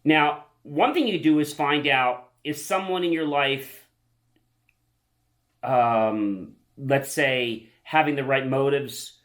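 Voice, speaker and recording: A man of average pitch talks the viewer through a hands-on technique in a relaxed self-help lesson. He is upbeat and conversational, and he keeps checking in with a quick "okay?" as he goes. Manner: enthusiastic, chatty, checks in with frequent "okay?". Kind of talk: casual instructional talk to camera.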